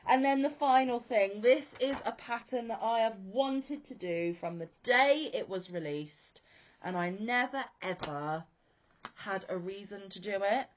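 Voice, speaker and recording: A woman's voice: on the low side, muffled recording. A British woman hosting a crochet podcast, talking in a chatty, enthusiastic, rambling way. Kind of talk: casual chat.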